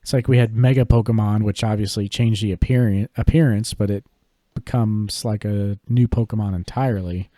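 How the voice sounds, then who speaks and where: Mellow-voiced man in laid-back podcast chat. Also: lowish voice, normal speed, dry recording, studio quality. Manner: relaxed, rambling, many fillers and hedges. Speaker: podcast co-host. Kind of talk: casual chat about collectible cards.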